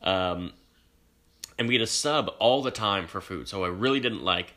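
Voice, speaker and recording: A young adult man hosting a casual podcast chat, telling an animated story and laughing as he goes. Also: on the low side, moderate pace. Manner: animated storyteller who acts out quoted voices. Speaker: podcast host.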